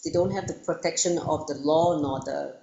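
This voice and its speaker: A woman spiritual teacher telling a story to listeners, animated and acting out parts, with frequent fillers. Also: deep voice, moderate pace, gravelly, highs cut off. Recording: echoey room.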